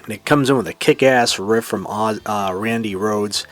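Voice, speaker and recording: A man with a Boston accent hosting a solo classic rock show, talking with excitement and now and then singing bits of lyrics. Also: on the low side, normal speed, faint music behind. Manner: enthusiastic, sings lyrics and imitates singers. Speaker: podcast host. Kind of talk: casual solo music commentary.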